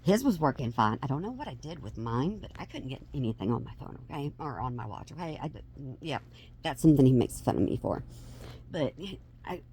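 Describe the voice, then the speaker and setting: A woman's voice: very deep voice, big pitch swings, brisk, warm tone, slight background noise. A middle-aged woman, rambling through a casual vlog with many restarts and self-deprecating asides. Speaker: vlogger.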